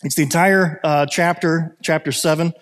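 A man's voice: on the high side, fairly even intonation, normal speed, fairly bright tone, in a large hall. A man preaching a sermon as pastor, talking conversationally and telling stories with many fillers and restarts.

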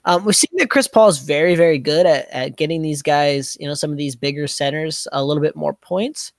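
A man's voice: a little high, brisk, gravelly, no room sound, clean studio sound. A man co-hosting a fantasy basketball podcast, talking casually and hesitantly with many filler words. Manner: hesitant, many likes and you-knows. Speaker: podcast co-host.

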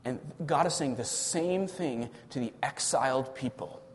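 A man preaching a sermon as pastor of his church, impassioned, swelling loud and dropping low for emphasis. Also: a little slow, in a large hall, a little hiss or hum.

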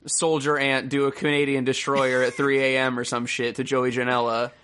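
A man's voice: mid-range voice, little pitch movement, moderate pace, a bit bright, clear, resonant tone. A man co-hosting a podcast in casual chat, joking around and swearing casually. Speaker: podcast co-host.

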